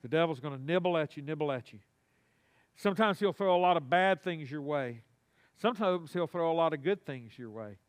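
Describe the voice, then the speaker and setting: Guy preaching, fairly high voice, lively and folksy, gets the congregation talking back. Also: a little fast. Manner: animated, folksy, calls on the congregation to respond. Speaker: pastor. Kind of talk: sermon. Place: church sanctuary.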